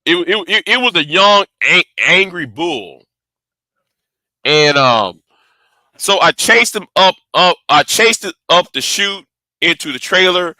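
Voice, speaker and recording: A man's voice: high voice, lively intonation, slow, sharp tone, no room sound. A man telling a story casually to camera, rambling, swearing freely and often stumbling and repeating words. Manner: rambling, profane, stammering repeats. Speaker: vlogger.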